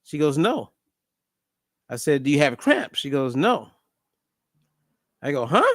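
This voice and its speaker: A man's voice: mid-range voice, fast, no echo, clean studio sound. A middle-aged man hosting a casual monologue, telling a story and acting out the dialogue. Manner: animated storyteller, acts out dialogue. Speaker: host.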